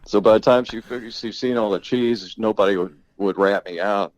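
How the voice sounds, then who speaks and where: Deep-voiced older man telling rambling stories. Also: moderate pace, dry recording, low-quality recording. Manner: rambling, laughs often, swears freely. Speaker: interviewee, father of the host. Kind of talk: casual storytelling.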